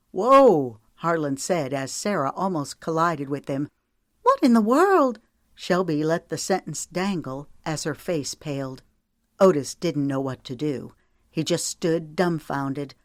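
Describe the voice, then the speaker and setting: A woman narrating an audiobook in a steady, measured reading style. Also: deep voice, no echo, clean studio sound.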